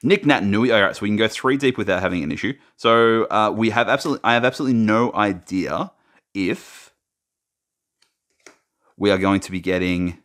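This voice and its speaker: A man commentating casually as he opens trading card packs, naming players and now and then breaking into high, excited shouts over good pulls. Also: a little fast. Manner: excitable, talks while sorting cards, bursts into high shouts over big pulls. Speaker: card-opening YouTuber.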